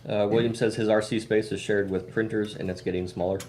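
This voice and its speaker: A man co-hosting a casual stream, relaxed, reading out viewer comments and adding quick asides. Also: on the low side, slight background noise. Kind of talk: casual chat.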